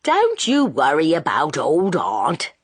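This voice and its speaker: A woman's voice: on the low side, wildly swooping pitch, moderate pace, breathy edge, dry recording, exaggerated voice. A woman voicing an anxious, guarded older landlady who speaks sententiously. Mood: firm. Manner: sententious, hasty.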